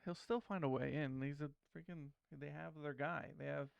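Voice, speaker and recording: A man's voice: fairly high pitch, fairly even intonation, moderate pace, gravelly, clean tone, no echo, muffled recording. A man co-hosting a casual movie-breakdown podcast, rambling and breaking off his own sentences. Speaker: podcast co-host.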